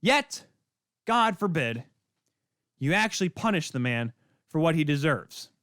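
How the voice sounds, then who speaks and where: A man hosting a podcast, delivering a heated, sarcastic rant with sudden loud spikes and quick muttered asides. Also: on the high side, very animated, no room sound, studio quality. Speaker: podcast host. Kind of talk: ranting hockey commentary.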